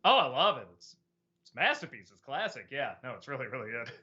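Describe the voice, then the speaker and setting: A man with a bright, forceful voice and a lively, swinging pitch chats casually on a livestream. He laughs often and stumbles over restarts as he answers questions. The sound is a bit dull and lo-fi. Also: fast talker. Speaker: show host answering chat questions.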